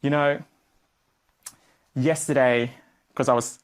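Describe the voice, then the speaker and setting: A man teaching a business course to a live audience, animated and playful, swinging between loud bursts and quiet asides. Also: medium pitch, slow pace, clear, resonant tone. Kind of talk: energetic live workshop teaching. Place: training room with a live audience.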